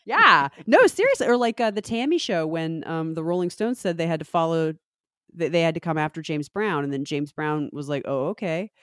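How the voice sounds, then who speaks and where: A woman's voice: sits low, a little fast, clear, resonant tone, dry recording, studio quality. A woman author, a guest on a podcast, chatting casually and telling stories with frequent laughter. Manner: laughs often, animated storytelling. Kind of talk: casual interview chat.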